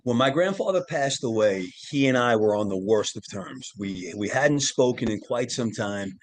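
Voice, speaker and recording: Middle-aged male guest, earnest storyteller, mid-pitched voice, casual interview. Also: lively intonation, moderate pace. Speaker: podcast guest, tarot reader and author.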